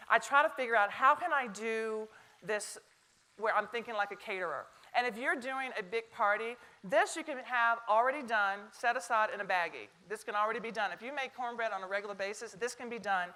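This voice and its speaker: A woman's voice: mid-range voice, sharp tone. A middle-aged woman with a Southern American accent, giving a chatty, joking cooking demonstration to a live audience. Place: stage kitchen before a live audience.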